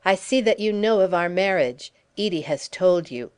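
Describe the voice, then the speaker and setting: A woman's voice: on the low side, lively intonation, moderate pace, a little mellow, clear, resonant tone, lightly acted. A woman reading as a theatrical young Frenchman, grand and mocking in manner, in an audiobook.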